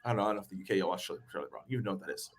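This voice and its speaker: A man's voice: deep voice, expressive, rapid-fire, slightly rough. A man hosting a webinar, explaining cold calling with energy, acting out calls and laughing often. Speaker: webinar host, sales trainer. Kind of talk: animated casual explanation.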